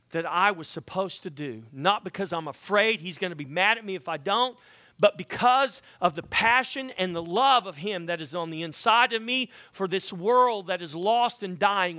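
Pastor guy preaching, slightly high bright voice, gets quiet then loud, cracks folksy jokes. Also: dry recording. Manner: impassioned, swings from hushed to loud; folksy, joking asides. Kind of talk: sermon.

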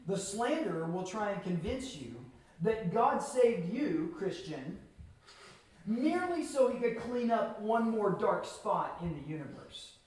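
A man preaching a sermon as pastor to his church, with earnest emphasis and pauses. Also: high voice, big pitch swings, a little mellow. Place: church sanctuary. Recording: very echoey hall, from a distance.

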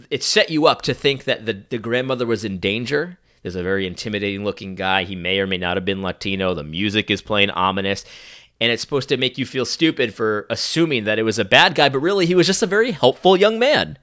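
A young man giving a sarcastic, animated opinion monologue full of restarts. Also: mid-range voice, a little fast. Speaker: commentator.

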